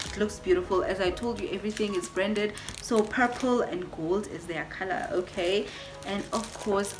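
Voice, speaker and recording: Gushing woman vlogger, music behind. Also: mid-range voice. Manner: gushing, repeats words, addresses viewers as guys. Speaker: beauty vlogger. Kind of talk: casual product unboxing.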